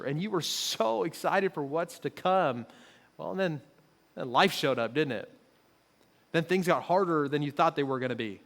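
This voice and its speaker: A man preaching a conversational sermon in a church auditorium, joking with the congregation and acting out quoted voices. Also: on the high side. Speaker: pastor. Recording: long reverb of a large hall.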